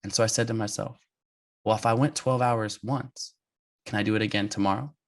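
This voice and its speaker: Animated man telling a story. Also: fairly low pitch, a little fast. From United States. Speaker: guest. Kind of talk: storytelling interview.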